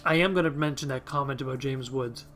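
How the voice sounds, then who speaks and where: A man's voice: mid-range voice, fast, a bit bright, faint music behind. A man hosting a let's play, chatting casually with rambling asides and the odd swear. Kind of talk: casual gameplay commentary.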